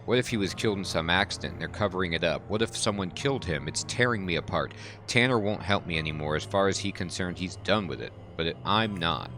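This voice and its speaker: A man reading the part of a grieving, worn-out man who drinks and wants the truth about his dead brother, in halting, emotional dialogue. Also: deep voice, sharp tone, faint music behind. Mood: distraught.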